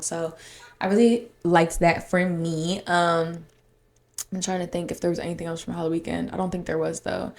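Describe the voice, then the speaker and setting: A young woman with a lilt and a low-set voice talks through her week in a loose solo podcast chat. She rambles, circling back on herself with constant "like" fillers, and stays open and candid throughout. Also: darkish tone. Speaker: podcast host.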